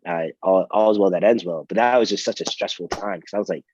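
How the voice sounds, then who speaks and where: A young man, a college athlete, telling stories in a relaxed, rambling way with many fillers and restarts. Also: low-pitched, a little fast, slightly rough, no echo, muffled recording. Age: young adult. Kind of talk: casual storytelling interview.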